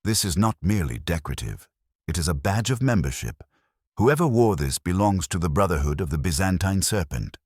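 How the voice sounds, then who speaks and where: A man voicing Poirot, a measured sleuth. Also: low voice, sing-song, darkish tone, husky, dry recording, studio quality, voice pushed up, heavily acted. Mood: analytical. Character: fastidious older Belgian male detective, shrewd and calm.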